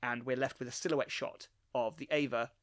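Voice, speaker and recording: A man's voice: mid-range voice, fairly even intonation, fairly quick, a bit bright, no room sound. A young man co-hosting a podcast, chatting casually and teasing his co-host with dry, joking asides. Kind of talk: casual chat reviewing an anime episode.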